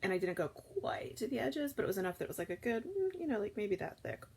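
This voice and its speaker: A woman's voice: mid-range voice, sing-song, fast, vocal fry, a little mellow, slight background noise. A woman in her thirties, chatting casually and rambling through a live morning stream, with lots of fillers and restarts. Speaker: food vlogger hosting a live morning chat.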